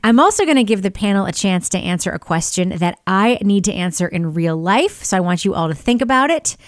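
A woman's voice: medium pitch, animated, fairly quick, dry recording, studio quality. A woman hosting a true crime podcast, playful and teasing, laughing easily with her co-hosts. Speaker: podcast host. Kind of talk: casual podcast chat.

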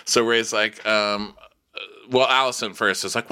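A man's voice: on the low side, steady tone, normal speed, pushed and bright, clean tone. A man co-hosting a comedy podcast, recapping a TV episode in playful, laughing chat and slipping into silly sung bits. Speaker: podcast co-host.

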